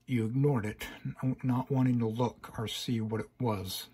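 A man's voice: mid-range voice, steady tone, normal speed, mellow, husky. A man reading a horror fan-fiction story in second person, with stumbles and restarts. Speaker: narrator.

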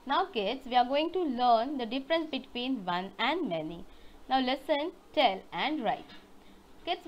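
A woman's voice: fairly high pitch, muffled recording. A woman teaching young children online, retelling a story and asking them questions. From India. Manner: slow storytelling with questions to kids.

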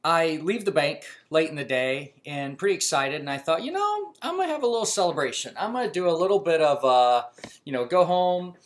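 This mechanics channel host has a voice on the high side and a brisk delivery as he casually relates a funny personal story. He restarts often, leans on fillers, and turns animated when quoting himself.

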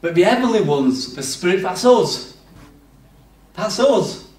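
A man preaching a sermon in a conversational manner, swinging between loud bursts and hushed passages. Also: high voice, sing-song, a little slow, far from the mic. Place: church hall. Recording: roomy, off-mic church recording.

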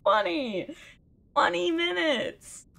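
A woman's voice: very high-pitched, expressive, takes it slowly, creaky, pushed and bright. A woman giving casual, self-mocking commentary as she plays a video game, talking to herself, laughing and groaning at the game. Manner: exasperated sighs and outbursts at the game. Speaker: let's play gamer.

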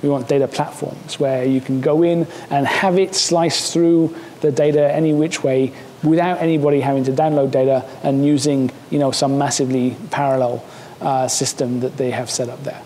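A man's voice: mid-range voice, fairly even intonation, moderate pace, hardly any pauses, mellow, long reverb tail, a little hiss or hum. A man giving a seminar talk, casual and joking, with many fillers and restarts. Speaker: seminar speaker. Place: lecture hall.

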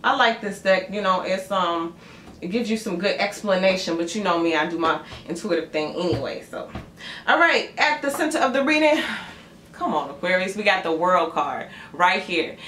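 A woman doing a casual tarot reading for her channel, chatty and animated as she tells a story. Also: fairly low pitch, normal speed. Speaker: tarot reader. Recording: echoey room with faint noise.

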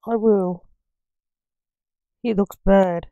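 A dogged young orderly who keeps pressing the doctor, voiced by a woman reading aloud. Slow, mellow and dry, like a close storybook reading. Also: mid-range voice, steady tone, clear, resonant tone, no room sound. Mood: insistent. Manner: plain, insistent. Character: hospital orderly, young man, dogged and evasive.

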